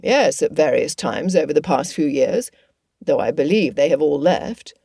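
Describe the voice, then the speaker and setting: A woman voicing a courteous gentleman officer in an audiobook, speaking politely and formally in a lowered voice. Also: animated, normal speed, gravelly, breathy edge, no room sound, studio quality, heavily acted. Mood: concerned. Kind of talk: audiobook character voice.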